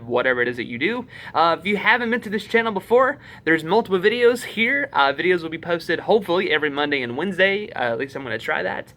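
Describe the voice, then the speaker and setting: A man's voice: fairly high pitch, sharp tone. A man with a Southern US accent, chatting casually to camera as a YouTube vlogger in a rambling, self-deprecating way.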